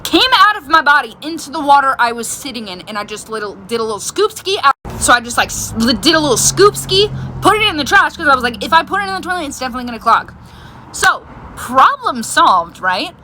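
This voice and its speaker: A young woman vlogger telling a personal story in a frank, animated, exaggerated way. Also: high voice, brisk, a little hiss or hum. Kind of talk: casual storytelling.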